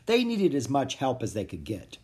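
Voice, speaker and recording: An expressive narrator reading a children's chapter book aloud. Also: medium pitch, moderate pace. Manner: expressive, animated storytelling. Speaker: audiobook narrator.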